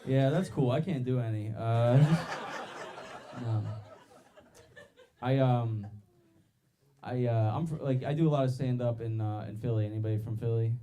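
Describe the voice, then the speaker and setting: A young man doing a stand-up comedy set on a club stage, loud and laughing as he works the crowd. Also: medium pitch, moderate pace, pauses often.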